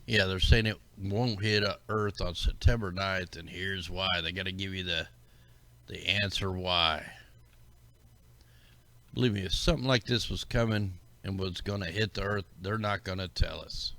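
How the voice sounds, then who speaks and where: A man with a very deep, gravelly voice that still carries a bright, forceful edge. He rambles through a casual livestream, musing suspiciously to his viewers. The sound is dry and close to the mic. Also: normal speed, no room sound. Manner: rambling, conspiratorial, talks to chat viewers. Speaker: livestream host. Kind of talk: casual commentary over maps.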